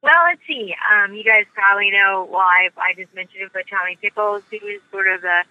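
A woman's voice: mid-range voice, brisk, few pauses, narrow, tinny audio. A woman who grew up in the United States, a voice actress chatting upbeat and bubbly in an interview. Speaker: voice actress guest. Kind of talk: casual interview chat.

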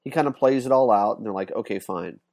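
A man's voice: fairly low pitch, fast. Man retelling a story animatedly. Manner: animated retelling, acts out quoted lines, many fillers. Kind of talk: casual chat.

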